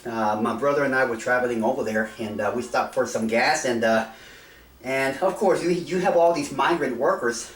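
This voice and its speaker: A man's voice: mid-range voice, moderate pace, far from the mic. A middle-aged man from South Texas, talking casually to camera in a rambling, hesitant way with many fillers and restarts. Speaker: vlogger. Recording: roomy sound, set back from the mic.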